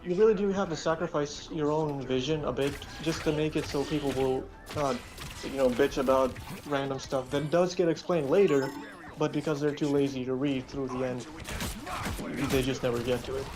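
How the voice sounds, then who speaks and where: A man with a mid-range voice talks at a moderate pace and a steady tone. He's a vtuber streamer and web novel author chatting casually on stream about his writing, rambling and using lots of fillers.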